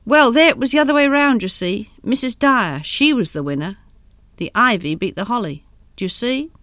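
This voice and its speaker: A woman's voice: on the high side, lively intonation, moderate pace, a bit bright, dry recording, clean studio sound. A woman doing an old seedsman, folksy and knowing. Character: elderly male seedsman, knowing and gossipy.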